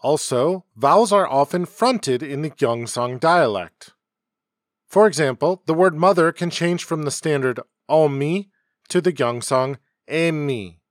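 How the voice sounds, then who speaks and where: Male podcast host, fairly high voice, calm scripted explainer, dry close sound. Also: dry recording. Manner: measured, explanatory delivery. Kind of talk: scripted educational narration. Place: home setup, dry sound.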